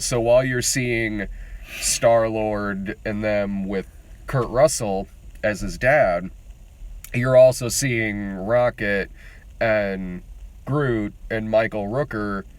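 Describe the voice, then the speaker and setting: A man chatting casually as co-host of a movie review show, swearing freely and laughing often. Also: fairly low pitch. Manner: animated, profane, laughs often.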